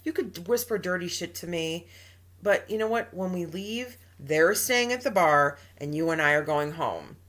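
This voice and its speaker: A woman's voice: fairly low pitch, animated, normal speed, a bit bright. A woman co-hosting an advice podcast in casual chat, talking emphatically with trailing restarts and acted-out quotes. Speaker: podcast co-host.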